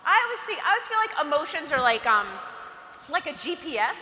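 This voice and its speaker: A woman giving a chatty, animated motivational talk to teenage girls at an event, often acting out what girls say to each other. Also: high-pitched, fairly quick. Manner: chatty, animated, acts out quotes. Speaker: speaker at a girls' empowerment event. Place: event hall. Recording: roomy hall with faint ambience.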